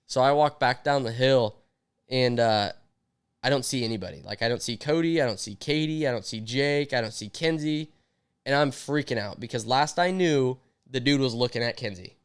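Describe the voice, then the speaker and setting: A man's voice: medium pitch, normal speed, smooth. A young man telling a story in casual podcast chat, acting out his own quotes. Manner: animated, acts out quotes. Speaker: podcast co-host.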